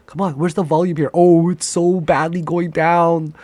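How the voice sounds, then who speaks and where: A man giving live commentary on his own trades, excitable and profane, cocky and joking, often shouting and pleading at the price chart. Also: fairly high pitch, moderate pace, hardly any pauses.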